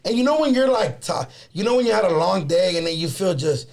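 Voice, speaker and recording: A man with a slightly high, gravelly voice tells a story in loose, casual podcast chat. He swears freely and drops Spanish words into his sentences. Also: quick pace. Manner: profane, animated storyteller mixing in Spanish words. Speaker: podcast co-host.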